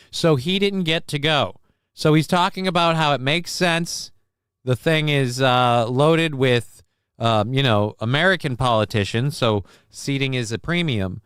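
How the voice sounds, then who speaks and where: Brief: male host, smooth clear voice, dry close sound, foul-mouthed rambling clip commentary. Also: on the high side, a bit bright, no room sound. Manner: crude, rambling, lots of fillers and swearing. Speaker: live show host. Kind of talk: casual commentary reacting to clips.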